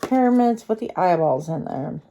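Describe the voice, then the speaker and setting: Chatty woman with a warm, mellow voice. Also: on the low side, expressive, moderate pace, slight background noise. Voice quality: slightly slurred speech from a retainer in her mouth. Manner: chatty, rambling, thinking aloud with many fillers. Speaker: tarot card reader. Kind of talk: pick-a-card tarot reading.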